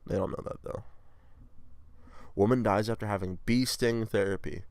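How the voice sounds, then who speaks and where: A man's voice: fairly low pitch, steady tone, moderate pace, darkish tone, clear, resonant tone, no room sound. A man hosting a podcast, riffing on news stories with profane, sarcastic asides. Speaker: podcast host. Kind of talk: casual comedic news riffing.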